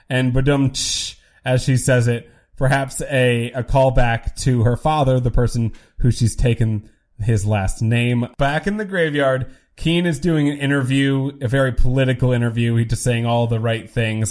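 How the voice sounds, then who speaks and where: A man's voice: mid-range voice, moderate pace, darkish tone. A young man co-hosting a podcast, recapping a TV episode in casual chat, musing and trailing off mid-sentence. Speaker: podcast co-host.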